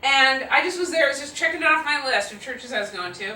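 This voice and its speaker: A woman in her fifties answers audience questions with laughing, self-mocking stories. Her voice is high and bright, and her pitch swings widely. She is heard from a distant mic in a roomy hall with a faint hum behind her. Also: quick pace. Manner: animated, laughing, self-deprecating. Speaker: guest speaker. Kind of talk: live audience Q&A storytelling. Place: auditorium with audience.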